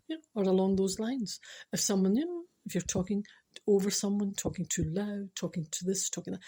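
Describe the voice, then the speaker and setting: A Scottish woman in middle age talks through her spiritual podcast in a loose, chatty way. She teases herself and slips into whispered asides. Her pitch sits in the ordinary middle range for a woman. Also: normal speed, dark tone, breathy edge. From Scotland. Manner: self-mocking, playful, drops into whispered asides. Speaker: podcast host.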